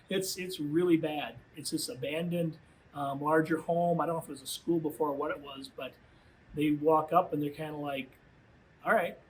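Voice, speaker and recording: A man giving a youth minister's storytelling talk to high school students, conversational and full of filler phrases. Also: steady tone, moderate pace, a little hiss or hum, rough recording.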